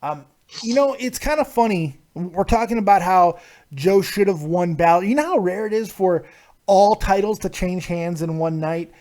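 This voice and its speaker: A man hosting a live call-in wrestling review show, excitable and profane, often talking over his callers. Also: high-pitched, normal speed.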